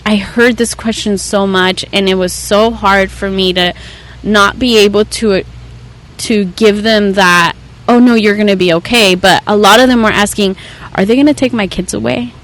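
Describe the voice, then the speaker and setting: Young woman podcast guest, earnest storyteller, mid-pitched, conversational. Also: fairly even intonation, moderate pace, fairly bright tone, poor audio. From Southern California. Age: young adult. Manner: earnest storytelling, acts out quoted voices with raised pitch.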